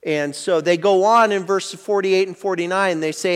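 A man's voice: high-pitched, fairly even intonation, moderate pace, clear, resonant tone, in a large hall. A man preaching a sermon as a pastor, explaining a passage in a conversational teaching manner with frequent restarts.

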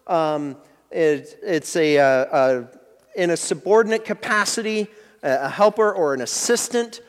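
A man's voice: fairly high pitch, a little slow, long reverb tail. A man preaching a sermon as a pastor, explaining a passage in a conversational teaching manner with frequent restarts.

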